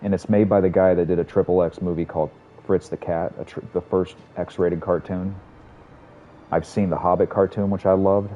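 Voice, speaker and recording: A man's voice: low-pitched, level tone, normal speed, warm tone, dull audio, a little hiss or hum. A man streaming a game, chatting casually and rambling with lots of swearing and self-mocking asides. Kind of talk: casual gameplay chat.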